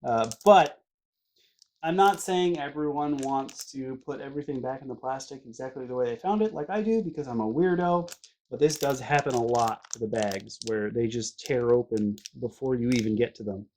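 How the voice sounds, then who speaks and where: A man's voice: medium pitch, moderate pace, a little mellow, slight background noise. A chatty man narrating a board game unboxing in a casual, self-deprecating way, often correcting himself mid-sentence.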